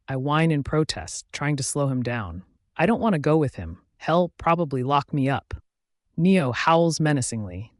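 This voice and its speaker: A man narrating a first-person fantasy romance audiobook in a steady storytelling voice. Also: medium pitch, no echo, studio quality.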